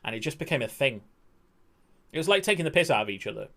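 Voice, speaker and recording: A man in his twenties, rambling and excitable while commentating a football management game he is streaming, swearing now and then. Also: mid-range voice, fast talker, vocal fry. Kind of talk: casual gaming commentary.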